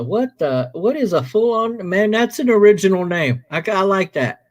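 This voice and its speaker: Casting: man, slightly high voice, joking relaxed stream host at home. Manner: joking, drawn-out fillers. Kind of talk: casual chat.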